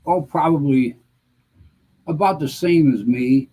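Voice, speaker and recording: A man in his seventies, a guest veteran, answering interview questions in a halting, measured way with frequent pauses. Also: on the high side, mellow, slight background noise, low-quality recording. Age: 70s. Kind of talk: conversational interview reminiscing.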